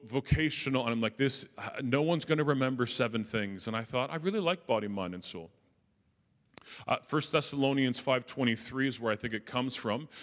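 Male speaker, mid-range voice, lively self-mocking storyteller, long reverb of a big hall. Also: medium pitch. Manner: animated, self-deprecating, quotes people with shifting voices. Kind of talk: storytelling talk to an audience.

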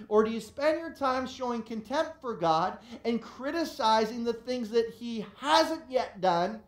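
An earnest pastor delivers a sermon in a roomy hall, with a mid-pitched voice ringing off the walls. The preacher circles back, repeating and restarting phrases to drive each point home.

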